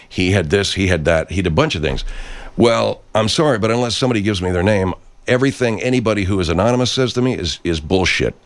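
A man's voice: fairly low pitch, fast. A man hosting a show, ranting in a brash, foul-mouthed, rambling monologue. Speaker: host. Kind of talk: profane rant monologue.

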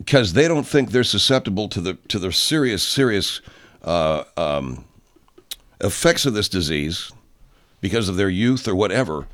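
Older man ranting, swearing, low voice. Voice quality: heavy swearing, loud outbursts. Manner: ranting, rising into shouting then dropping low. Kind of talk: angry rant monologue.

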